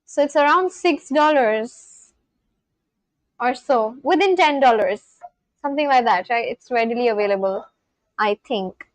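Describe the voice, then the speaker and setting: A young woman from India chatting casually on a livestream, reading out viewers' comments and reacting with gushing excitement. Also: a little high, unhurried, dry recording, rough recording. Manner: gushing, reads chat aloud and reacts.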